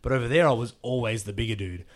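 A man, a pro wrestler telling a story on a casual podcast, animated and swearing freely as he acts out the quotes. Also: mid-range voice, fast.

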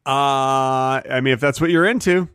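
A man hosting a comedy podcast, telling stories in an animated, wry way. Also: mid-range voice, normal speed, clean tone, no room sound, clean studio sound. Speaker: podcast host. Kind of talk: comedic casual chat.

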